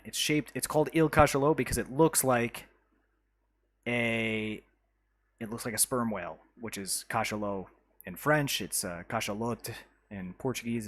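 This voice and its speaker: A man chatting live to his viewers while showing off his city-building game, talking in a relaxed, halting way full of "uh"s and restarts. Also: mid-range voice. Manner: greets chat viewers by name. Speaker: live streamer.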